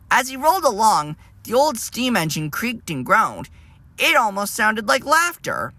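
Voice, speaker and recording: A man narrating a storybook tale in a plain, steady reading voice with small slips. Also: high-pitched, measured pace, no echo.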